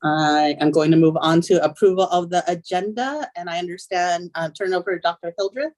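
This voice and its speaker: A woman's voice: fairly low pitch, fairly quick, darkish tone. A woman presiding as school board president, reading procedural items with frequent ums. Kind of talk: chairing a public meeting.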